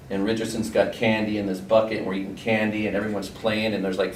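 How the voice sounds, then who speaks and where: A middle-aged former athlete with a low voice looks back on his school days in an easygoing, rambling way, using fillers and quoted dialogue. The mic is distant and the room roomy, with faint noise.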